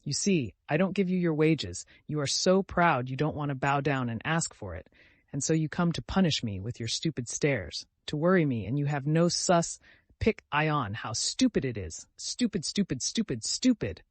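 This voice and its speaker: A man voicing an agitated, humiliated gentleman who shouts and repeats himself at his servant in an audiobook. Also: a little high, big pitch swings, moderate pace, dry recording. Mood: furious.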